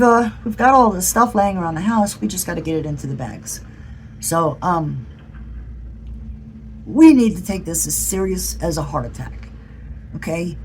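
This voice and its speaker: A woman's voice: lowish voice, slight background noise, poor audio. A woman from the United States talking in an impassioned political vlog, blunt and earnest, swearing freely. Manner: earnest, pleading. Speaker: political vlogger.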